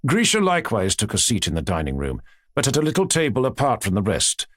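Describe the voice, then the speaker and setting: A man narrating an audiobook in an expressive storytelling manner. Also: on the low side, quick pace, dry recording, clean studio sound.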